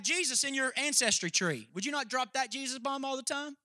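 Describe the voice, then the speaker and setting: A man's voice: very high-pitched, lively intonation, fairly quick, few pauses, sharp tone, dry recording, studio quality. A man preaching a sermon as pastor, emphatic and jokey, speaking straight to his congregation.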